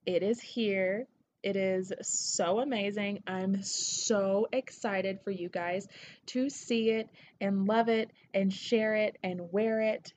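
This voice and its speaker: A woman from Tennessee with a Southern accent, hosting her podcast in an excitable, gushing, casual way that swears freely. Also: medium pitch, slow pace, slight background noise. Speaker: podcast host. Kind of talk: casual solo podcast shout-outs.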